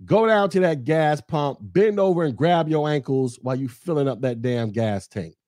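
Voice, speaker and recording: This is an American man on his own podcast, venting in a fired-up, cursing tirade. His voice sits somewhat high for a man, and the recording is dry and close with no room sound. He mocks his listeners and keeps repeating his phrases to drive the point home. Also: animated, normal speed, a little mellow, no echo. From United States. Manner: heated, profane, mocking, repeats phrases for emphasis. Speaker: podcast host. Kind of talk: angry political rant.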